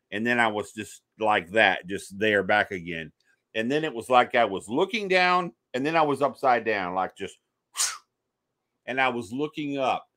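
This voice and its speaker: A man with a mid-range voice, recorded dry, appears as a podcast guest who works as a paranormal investigator. He tells a personal story with lots of energy and acts out the voices of the people he quotes.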